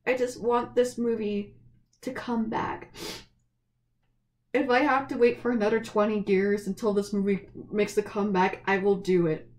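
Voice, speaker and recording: At normal speed, a young college woman delivers a personal video essay to her camera in a medium-pitched, flat, darkish voice. She is emotional and sincere, her voice shaking with tears, and she frequently restarts her sentences.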